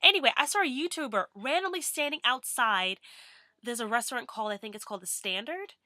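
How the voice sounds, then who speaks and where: A woman's voice: fairly high pitch, expressive, fast, pushed and bright, no echo, clean studio sound. A young woman vlogging in a bubbly, rambling way with many fillers. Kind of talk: casual chatty vlog.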